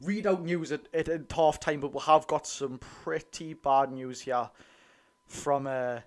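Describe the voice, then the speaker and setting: A man with a Geordie accent chatting excitedly to his viewers during a live football watch-along. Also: a little high, unhurried. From North East England. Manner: chatty, excitable, keeps addressing the lads. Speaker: football fan streamer.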